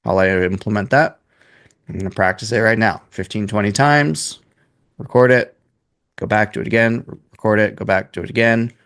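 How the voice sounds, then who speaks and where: A man's voice: on the low side, moderate pace, a bit bright, clean tone. A man in his twenties coaching a sales class in a casual, blunt way, swearing freely. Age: 20s.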